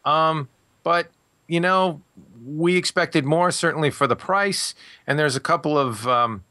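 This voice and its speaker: A man giving a relaxed, plain-spoken product rundown on a tech podcast, thinking aloud as he goes. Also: a little high, measured pace, dry recording.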